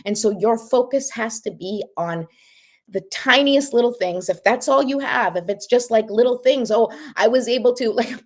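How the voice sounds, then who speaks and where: A woman's voice: a little high, normal speed. Chatty motivational coach, middle-aged woman. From Canada. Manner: chatty, many asides, says "right?" and "like" often. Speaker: life coach. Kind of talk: casual motivational talk.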